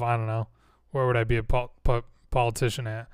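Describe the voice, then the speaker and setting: A man's voice: medium pitch, little pitch movement, brisk, clear, resonant tone, dry recording. A man in casual chat, musing aloud in a rambling way that often breaks off mid-thought, with a dry mouth and a slightly congested nose. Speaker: streamer planning role-play characters.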